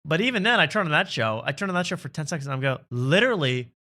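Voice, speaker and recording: A man's voice: on the high side, animated, very fast, sharp tone. A man hosting a comedy podcast, ranting sarcastically in casual chat. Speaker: host.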